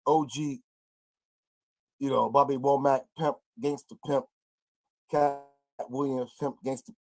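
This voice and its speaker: A man co-hosting a podcast, reacting to a clip with loud, mocking comedic commentary that swings between low asides and outbursts. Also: level tone, slow.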